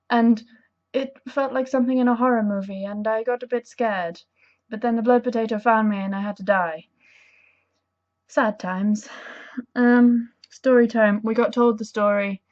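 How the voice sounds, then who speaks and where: Chatty young woman vlogging at home, highish voice, kinda muffled lo-fi camera sound. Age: young adult. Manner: bubbly and enthusiastic, rambling and self-deprecating. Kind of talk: casual chatty vlog. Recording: dull lo-fi camera audio.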